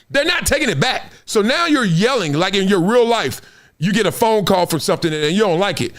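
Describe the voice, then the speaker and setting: Animated middle-aged man, lively high voice. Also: moderate pace. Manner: animated, acts out voices, laughs often. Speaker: show host. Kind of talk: casual chat to a live audience.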